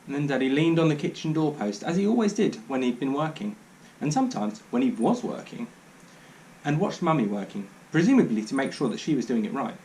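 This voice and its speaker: A man's voice: mid-range voice, sing-song, a little fast, darkish tone, a little hiss or hum, poor audio. A man reading a children's book aloud in a dry, wry narrating manner. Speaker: storyteller.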